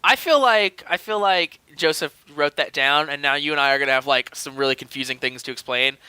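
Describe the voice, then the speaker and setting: Animated, bright-toned man on a dry mic. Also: a little high, brisk, clear, resonant tone, no room sound. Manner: rambling, filler-heavy, animated storytelling. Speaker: podcast co-host. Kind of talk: casual podcast chat.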